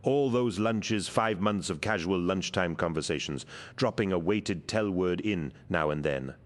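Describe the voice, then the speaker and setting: A man voicing an adult male spy, earnest and regretful, pitched above his own voice. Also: a little slow. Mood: surprised.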